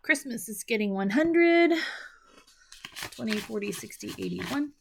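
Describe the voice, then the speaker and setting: Gravelly-voiced middle-aged woman counting cash. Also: fairly high pitch, animated, a little slow, slight background noise. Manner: counts bills half under her breath, chatty asides. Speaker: budgeting channel host. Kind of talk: casual chat while counting cash.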